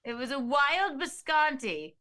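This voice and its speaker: Lively bubbly woman chatting as guest. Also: sits high, a little slow, no room sound, clean studio sound. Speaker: show guest. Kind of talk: casual chat.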